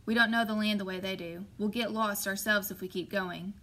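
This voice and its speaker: A woman's voice: medium pitch, steady tone, fairly quick, sharp tone, close to an everyday voice. A woman voicing a worried father in an audiobook, speaking firmly and reasonably. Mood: grave. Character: worried father, calm and practical.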